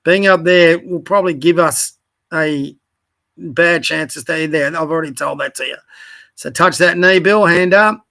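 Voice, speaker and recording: High, bright-voiced coach. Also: male voice, normal speed, vocal fry. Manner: direct, corrective, encouraging, addresses players by name. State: tired, yawning. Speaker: youth basketball coach. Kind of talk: casual video review commentary.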